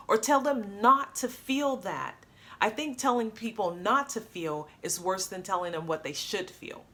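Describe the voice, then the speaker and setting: Woman, coach, upbeat, animated, talking to camera. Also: on the high side. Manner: upbeat, animated, acts out example lines.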